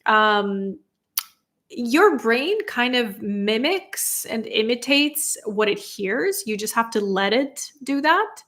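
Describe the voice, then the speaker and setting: A woman's voice: fairly high pitch, animated, slow, a bit bright. Chatty woman answering livestream questions. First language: non-native English speaker. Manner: chatty, laughs often, answers viewers directly. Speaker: content creator answering live chat questions. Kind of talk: casual livestream Q&A.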